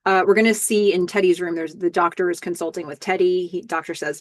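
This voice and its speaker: A woman's voice: lowish voice, steady tone, a little fast, few pauses, no echo, clean studio sound. A woman hosting a casual recap podcast, chattily walking through scenes step by step with the odd filler. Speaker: podcast host.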